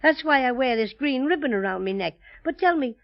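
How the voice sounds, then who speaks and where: Cheery little irish teddy bear, highish voice, old muffled radio sound. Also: male voice, expressive, fairly quick, gravelly, exaggerated voice. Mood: friendly. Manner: lilting, cheery, says "me" for "my". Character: small teddy bear, male, friendly and playful. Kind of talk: 1930s radio drama. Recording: dull old radio recording.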